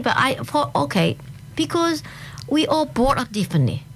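A woman's voice: high-pitched, sing-song, moderate pace, fairly bright tone, a little hiss or hum. A woman from Hong Kong with a Hong Kong accent, chatting enthusiastically as a guest in an interview and laughing often. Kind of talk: casual interview chat.

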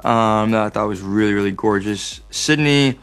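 A young adult man with an American accent, chatting as an interview guest, animated and joking with many fillers and restarts. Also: lowish voice, normal speed, soft background music. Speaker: actor guest. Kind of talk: casual interview chat.

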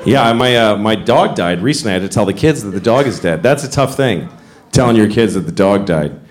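A man telling stories in a stand-up set, lively, slipping into character voices. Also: fairly low pitch, a little fast. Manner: lively storytelling, putting on voices. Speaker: stand-up comedian. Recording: echoey room with noise.

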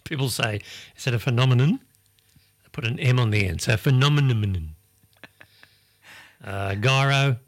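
A man co-hosting a radio show, chatting casually, laughing often and sounding words out slowly. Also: on the low side. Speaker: radio host.

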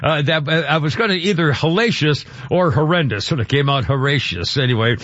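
A man's voice: fairly high pitch, expressive, a little fast, a bit bright. A man hosting a radio talk show in a casual, rambling way, often stumbling over his words. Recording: dull, dry radio studio sound.

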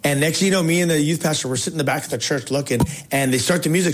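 A man hosting a faith talk show, telling a story in a casual, excited way with slang and frequent restarts. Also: fairly high pitch, quick pace, few pauses. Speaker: talk show host and evangelist.

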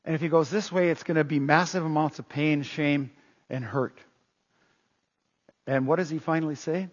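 A man preaching a sermon in an animated way, full of rhetorical questions, in a dull, echoey hall recording. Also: fairly high pitch, moderate pace, breathy edge. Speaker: pastor.

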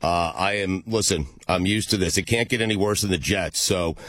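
A man's voice: sits low, normal speed, a bit bright, dry recording. A male host in a casual sports chat, upbeat and reassuring, laughing often.

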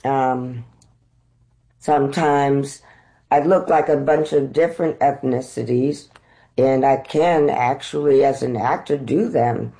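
Animated, laughing actress telling stories. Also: female voice, a bass voice, takes it slowly, poor audio. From United States. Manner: animated storyteller, laughs often. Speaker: actress, interview guest. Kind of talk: conversational interview storytelling.

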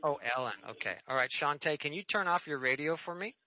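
Bright, emphatic male radio preacher. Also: on the high side, expressive, brisk, a little hiss or hum, rough recording. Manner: emphatic, repeats key phrases. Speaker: radio show host and preacher. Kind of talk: radio preaching and call-in prayer.

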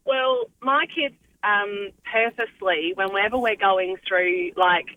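A woman's voice: medium pitch, slow pace. A woman calling a radio show, chatty and amused. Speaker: caller, mother. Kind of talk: radio call-in anecdote. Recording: faint noisy phone line.

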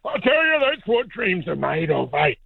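A man plays a crude, gravelly old farmer with a broad New Zealand accent, his voice high and swinging wildly up and down. He comes down a tinny phone line, blokey and drawling. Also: very animated, normal speed, dry recording, exaggerated voice. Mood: enthusiastic. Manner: blokey, crude, drawling, tags everything with mate and eh. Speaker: rural expert caller. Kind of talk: comedic character bit.

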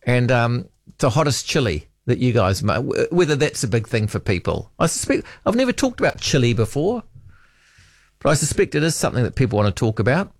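Rambling New radio host, dry sound. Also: male voice, mid-range voice, sing-song, a little fast, dry recording. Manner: rambling, hesitant, trails off with ums. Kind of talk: casual talkback chat, reading listener texts.

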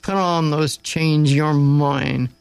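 A man's voice: on the high side, fairly even intonation, slow pace, gravelly, smooth, no room sound. A man voicing a wicked, menacing male slave master who growls, snarls and bellows his orders. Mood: sneering.

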